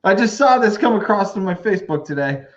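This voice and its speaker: Podcast dude chatting, voice jumps around a lot, a bit of hiss behind him. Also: male voice, high voice, lively intonation, lo-fi sound. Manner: reacts with quick exclamations, laughs a lot. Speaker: podcast co-host. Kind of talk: casual chat.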